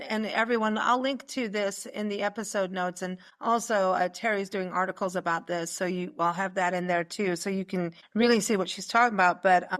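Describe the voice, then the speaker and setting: A woman's voice: medium pitch, a bit bright. Chatty woman hosting a radio show. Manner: chatty, asks questions, trails off and restarts. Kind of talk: casual radio interview chat.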